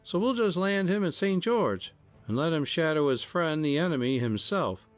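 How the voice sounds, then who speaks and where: A man's voice: a little high, animated, normal speed, no echo, soft background music, pitched above the performer's own voice, natural voice. A man doing a resolute young boat skipper. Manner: firm, resolute.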